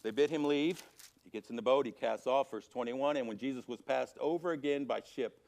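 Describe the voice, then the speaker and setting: Animated man teaching a Bible class. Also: brisk, vocal fry. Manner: animated, swinging from loud emphasis to low, quiet stretches. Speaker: Sunday school teacher. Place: church auditorium.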